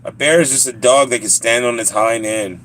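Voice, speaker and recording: A man's voice: mid-range voice, fairly quick, a bit bright, slight background noise. A man with a Southern US accent chatting casually on a live stream, joking and laughing often as he rambles to his viewers.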